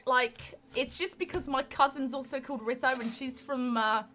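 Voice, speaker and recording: A woman's voice: high voice, steady tone, normal speed, a bit bright. A woman voicing a sleepy female honey badger in a tabletop game, with a put-on accent that keeps drifting. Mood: defensive.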